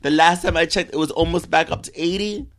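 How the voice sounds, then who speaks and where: A man's voice: on the high side, fast talker, a bit bright. A man from the Bronx co-hosting a podcast, chatting casually, campy and opinionated, calling people honey and girl. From the Bronx, New York. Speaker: podcast co-host. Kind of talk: casual chat.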